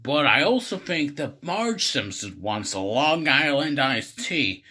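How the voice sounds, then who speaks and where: A man voicing a dopey cartoon dad in a comic retelling, loud and drawn out. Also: medium pitch, big pitch swings, takes it slowly, heavily acted. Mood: slow.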